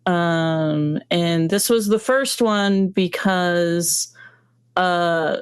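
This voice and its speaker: A woman talks about her comics in a relaxed interview. She speaks a little lower than most women and has a smooth, clear tone, recorded close and dry. She hesitates often and fills her pauses with ums. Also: no room sound. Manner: hesitant, many ums, explains steadily. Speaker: comic book creator, guest. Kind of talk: casual interview talk.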